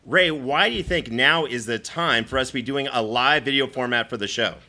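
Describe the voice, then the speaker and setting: A man's voice: mid-range voice, fairly quick, pushed and bright. A man hosting a comedy show, rambling and flustered with many fillers. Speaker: host.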